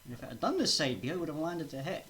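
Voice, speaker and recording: A man's voice: a little high, sing-song, racing, fairly bright tone, a little hiss or hum. A man streaming a video game live, chatting casually with viewers and laughing often.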